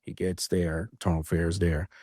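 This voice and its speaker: Man, low voice, animated storyteller, dry close recording. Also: moderate pace, no room sound. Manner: animated retelling, acts out quoted voices. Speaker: podcast co-host, former officer. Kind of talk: storytelling in casual conversation.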